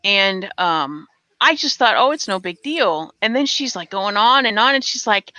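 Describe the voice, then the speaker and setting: A woman's voice: medium pitch, expressive, moderate pace, pushed and bright, highs cut off. An American woman hosting a casual gaming livestream, chatting and telling stories with quoted asides. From United States. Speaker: livestream host. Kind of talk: casual chat while gaming.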